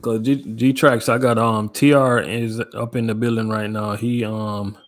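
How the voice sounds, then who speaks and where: Laid-back low-voiced man from Jamaica. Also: little pitch movement, a little slow. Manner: laid-back slangy talk, greets viewers by name, laughs often. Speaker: livestream host. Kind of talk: casual live chat with viewers.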